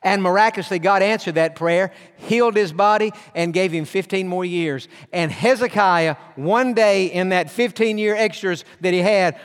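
A man preaches in an earnest, storytelling way, drawing out the words of scripture for weight. His voice sits high for a man. It rings with the long reverb of a church hall. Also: smooth. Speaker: pastor. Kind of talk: sermon.

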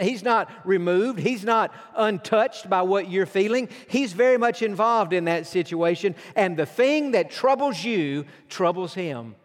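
A pastor preaching a sermon, earnest and emphatic, slowing down for weighty lines. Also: male voice, high voice. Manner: earnest, emphatic preaching with slow dramatic pauses. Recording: long hall reverb.

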